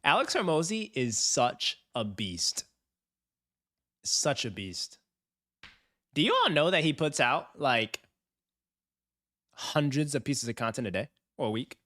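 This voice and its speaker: A man's voice: mid-range voice, unhurried, long pauses. A young man hosting a finance livestream, chatting casually with his viewers and laughing often. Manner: animated, chatty, talks to chat, laughs often.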